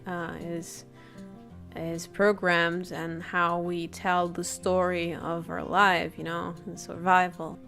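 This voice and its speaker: A woman's voice: on the low side, fairly bright tone. A woman chatting casually in a rambling way, often laughing, while she paints. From Central Europe. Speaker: art vlogger. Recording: faint guitar music behind.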